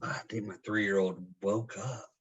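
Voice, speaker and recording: Husky laid-back young man. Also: lowish voice, steady tone, unhurried, a bit bright, muffled recording. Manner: laid-back, profane storytelling. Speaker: podcast host. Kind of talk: casual chat. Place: at home.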